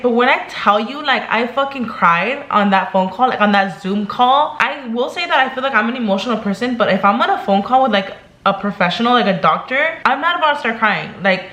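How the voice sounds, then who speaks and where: A woman's voice: fairly high pitch, a bit bright, echoey room. A young woman vlogging in casual chat, talking chattily and emotionally, filling her talk with "like" and "girl".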